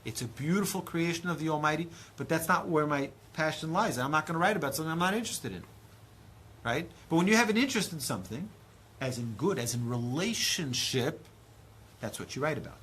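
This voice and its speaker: Animated, husky rabbi teaching Torah. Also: male voice, a little fast. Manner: animated, acts out dialogue with big swings in pitch and loudness. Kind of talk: lively Torah lecture.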